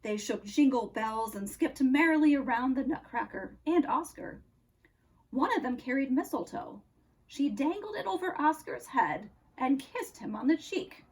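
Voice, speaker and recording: Slow, expressive woman reading a storybook. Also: sits high, breathy edge, rough recording. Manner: expressive, slow, dramatic pauses. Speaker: storyteller, counselor. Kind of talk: storybook read-aloud.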